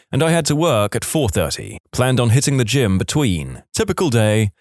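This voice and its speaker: A man narrating internet stories for a podcast in a scripted, animated reading style. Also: medium pitch, dry recording, studio quality. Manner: animated reading, shouts quoted lines.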